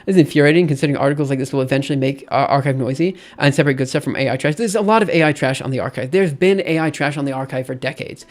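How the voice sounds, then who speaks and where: Talking very fast with barely any pauses, a man with a mid-range voice reads a research paper aloud on stream. His ranting commentary is casual and exasperated, full of repetition and frequent restarts.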